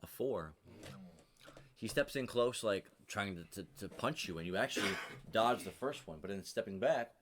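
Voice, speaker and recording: A man with a fairly low voice runs a tabletop role-playing game, describing the scene in a loose, rambling way full of fillers and restarts. A faint hiss sits under his voice. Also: animated, normal speed. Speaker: game master.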